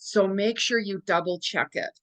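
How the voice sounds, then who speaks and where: A chatty woman psychic talks straight to camera in a casual vlog. She repeats words for emphasis, throws rhetorical questions at her viewers and laughs easily between remarks. Her voice sits at an ordinary middle pitch. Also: normal speed, a bit bright. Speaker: psychic medium and astrology vlogger.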